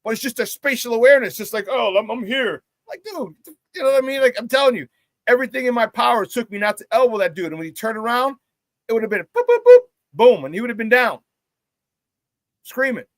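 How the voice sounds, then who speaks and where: A man hosting a sports talk show, telling a story in a casual, animated rant. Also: extremely high pitch, no room sound. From Chicago area. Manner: animated storytelling, quick voice changes for quoted people.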